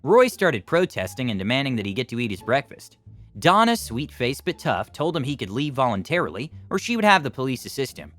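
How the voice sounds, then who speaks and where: Animated male story narrator. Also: mid-range voice, fairly quick, soft background music. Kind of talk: scripted narration of online stories.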